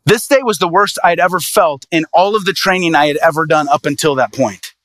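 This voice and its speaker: A man, an evangelist, telling a personal story in a sermon with lively, animated delivery. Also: fairly high pitch, brisk, no echo. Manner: animated, lively storyteller voicing quoted people.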